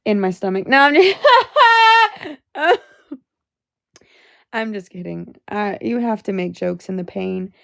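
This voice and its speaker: A woman's voice: medium pitch, animated, normal speed, creaky, no room sound. A young woman livestreaming from her phone, venting angrily and with a lot of profanity. She talks to her chat and sounds exhausted.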